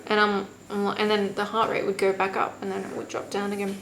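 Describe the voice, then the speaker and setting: A woman's voice: medium pitch, completely flat delivery, fast talker, gravelly, fairly bright tone, slight background noise, low-quality recording. A young woman vlogger telling a personal story in casual, candid talk, swearing freely and acting out what others said.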